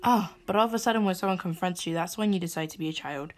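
A woman's voice: lowish voice, fast talker. A young woman, venting and swearing as she hosts a podcast. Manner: exasperated ranting, swearing. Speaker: podcast host. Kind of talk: venting monologue.

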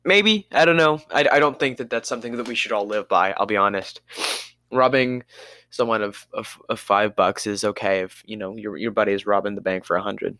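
A man with a low, gravelly voice walks through a movie plot for a podcast. His casual recap rambles, and he sometimes loses his place. The recording is dry and close. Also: pushed and bright, no room sound. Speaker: podcast co-host.

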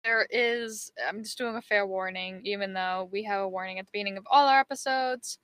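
A young British woman hosting a casual podcast, rambling and giggly with lots of ums, her voice going a bit hoarse. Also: mid-range voice, a little fast, fairly bright tone, no echo. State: losing her voice. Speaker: podcast host. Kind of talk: casual chat, reading notes.

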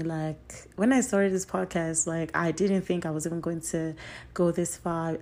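Young woman podcast host, lowish voice, super effusive, repeats herself a lot, goes from excited bursts to quiet little asides. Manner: effusive, repeats phrases for emphasis; swings between excited bursts and soft trailing asides. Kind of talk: solo podcast chat.

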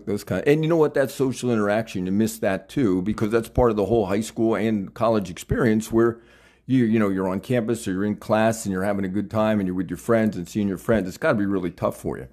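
A man's voice: on the low side, fast, darkish tone. A man in his sixties, chatty and enthusiastic, interviewing in a casual conversation and laughing often.

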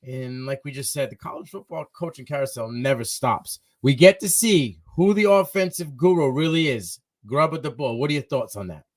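A man hosting a college football talk show, eager and quick to agree in casual chat. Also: mid-range voice, expressive. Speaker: host.

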